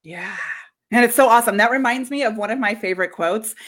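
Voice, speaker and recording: A woman hosting an interview in casual chat, enthusiastic and quick to laugh. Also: fairly high pitch, a bit bright. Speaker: interview host.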